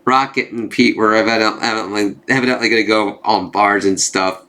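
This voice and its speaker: A man's voice: fairly low pitch, steady tone, a little fast, pushed and bright. A man reviewing a comic book in a casual, profane way, with lots of fillers.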